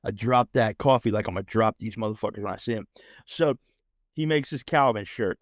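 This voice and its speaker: A man's voice: fairly low pitch, brisk, no echo, studio quality. A man hosting a podcast, telling a story as a heated, profane rant and often checking in with "right?". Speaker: podcast host. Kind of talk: ranting storytelling.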